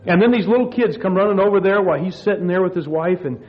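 A man with a fairly high voice preaches a sermon, recounting a story in a loose, rambling way with frequent restarts. The recording sounds dull and lo-fi. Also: fast.

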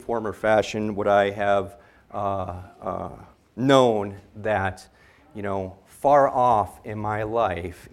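A man speaking at a church gathering, telling a story in a rambling way with many fillers and excited rises before turning to scripture. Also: lowish voice, smooth.

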